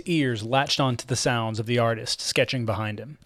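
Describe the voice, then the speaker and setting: A man narrating a comic fiction audiobook in an expressive storytelling manner. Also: mid-range voice, normal speed, hardly any pauses, no room sound.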